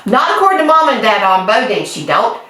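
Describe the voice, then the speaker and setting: A woman voicing a hot-tempered, motor-mouthed little country girl in a storybook read-aloud, shouting her words. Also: fairly high pitch, very animated, a little fast, noisy background. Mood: angry. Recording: echoey room, distant mic.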